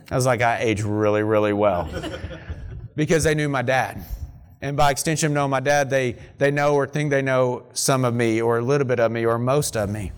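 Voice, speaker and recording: Earnest pastor preaching conversationally. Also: male voice, mid-range voice, clear, resonant tone. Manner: conversational, earnest, with folksy asides. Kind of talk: sermon. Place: church sanctuary.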